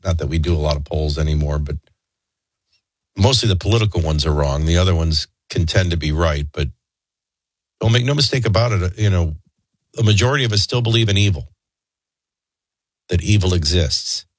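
A man's voice: sits low, a little fast, pauses often, no room sound. A man hosting a talk radio show, stuffy and congested, rambling in a wry, conversational way. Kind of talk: casual talk radio chat.

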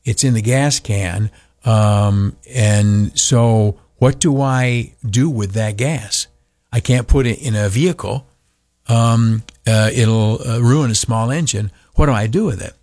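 A man's voice: lowish voice, takes it slowly, a little mellow, dry recording, clean studio sound. Cranky us guy on talk radio, grumbling and sarcastic, lots of ums. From United States. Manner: cranky, sarcastic, with frequent fillers. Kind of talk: ranting monologue.

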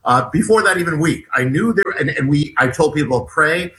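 A man, a guest author, tells a long personal story in an interview, halting and restarting often and acting out the dialogue. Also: fairly high pitch, expressive, sharp tone.

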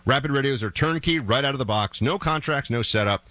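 A man hosting a talk radio show, moving from jokey banter into a brisk live ad read. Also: mid-range voice, sharp tone, no room sound.

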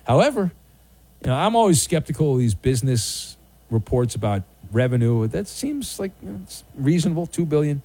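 A man hosting a sports radio show from a dry studio booth, on a close studio microphone. His voice sits a little high and moves around a lot. He riffs with his callers and cracks jokes as he goes. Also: very animated, brisk, warm tone, breathy edge, no room sound. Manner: wisecracking, chatty.

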